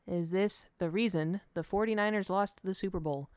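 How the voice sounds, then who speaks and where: A woman streamer talks in a loose, animated way, rambling from one funny story to the next. Her voice sits at an ordinary middle pitch. The sound is close and dry, with almost no room around it. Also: moderate pace, clean tone, dry recording. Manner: chatty and animated, jumping between stories. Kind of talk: casual chat.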